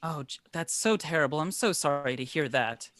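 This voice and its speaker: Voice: medium pitch, normal speed, fairly bright tone, a little hiss or hum, lightly acted. The game master voicing a nervous, apologetic baker woman in her fifties who stammers and keeps saying sorry over a video call. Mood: fussing.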